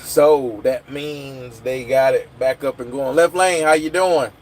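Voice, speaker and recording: Streaming casually from his phone, a man rambles and responds to his viewers' comments. He speaks unhurriedly in a mid-range, slightly mellow voice, with a bit of background noise present.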